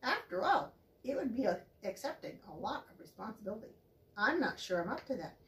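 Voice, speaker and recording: Woman doing a calm, cautious father rat. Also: on the high side, a little fast, reverberant, a little hiss or hum.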